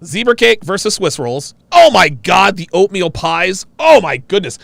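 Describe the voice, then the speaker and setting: A man hosting a casual live-stream chat, reacting excitedly with loud exclamations. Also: high-pitched, a little slow, creaky, no room sound.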